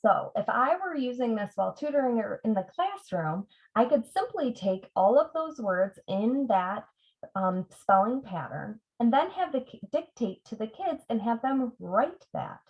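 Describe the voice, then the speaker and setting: A woman's voice: a little high, big pitch swings, a little slow. A middle-aged woman reading tutor leading a parent workshop, patiently breaking words into sounds as she demonstrates. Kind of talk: teaching demonstration. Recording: dull lo-fi sound.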